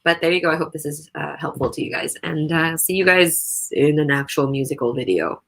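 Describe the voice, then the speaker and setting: A woman vlogger casually reviewing a microphone she is recording on, chatty and animated. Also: moderate pace, creaky. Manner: chatty and animated, with jumps in pitch. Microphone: USB condenser microphone under test.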